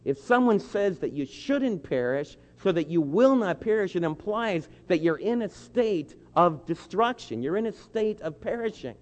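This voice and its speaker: A man preaching a sermon, earnest and pleading, slowing down to lean on key phrases. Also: high-pitched, animated. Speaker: pastor. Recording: dull lo-fi with long hall reverb.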